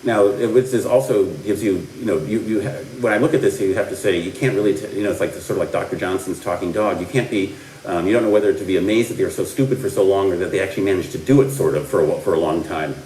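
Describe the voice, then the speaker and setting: A man's voice: sits low, fast, darkish tone, slight background noise. Middle-aged man lecturing from afar. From American Midwest. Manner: discursive, many fillers and restarts, dry asides. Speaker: history lecturer. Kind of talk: recorded classroom lecture. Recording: roomy, distant lecture-hall recording.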